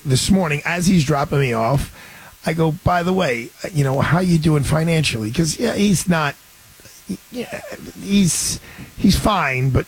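A man's voice: fairly high pitch, breathy edge, rough recording. A man in his sixties hosting a radio show, telling a rambling story in casual chat with restarts and chuckles.

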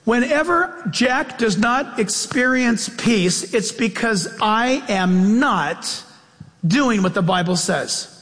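A pastor preaching a sermon in an emphatic, conversational way, with self-deprecating asides. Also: male voice, very high voice, expressive, takes it slowly, fairly bright tone, big-room sound.

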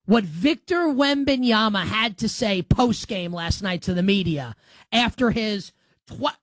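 A man's voice: high-pitched, animated, measured pace, fairly bright tone, no echo. A man hosting a sports talk show, giving opinionated commentary in an emphatic, sarcastic way.

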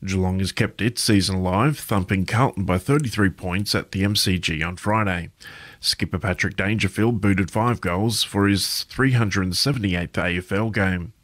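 A man reading a radio news bulletin in a steady, measured delivery. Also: deep voice, no echo, studio quality. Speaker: newsreader.

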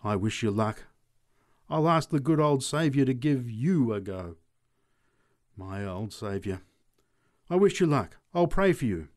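A woman's voice: rumbling low, a little slow, long pauses, a little mellow, no echo, studio quality. A man reading aloud, voicing a fervent female street preacher who cries out prophecies.

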